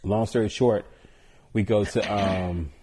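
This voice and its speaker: A man from Georgia, a barber and podcast guest, telling stories in an animated, joking, slangy way. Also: on the low side, slow pace, husky. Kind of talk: casual storytelling.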